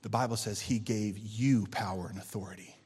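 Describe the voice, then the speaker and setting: A male pastor preaching a sermon to his church, shifting between loud emphatic lines and quiet intense ones and calling out for amens. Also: on the low side, steady tone, moderate pace, slightly rough, long reverb tail. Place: church sanctuary.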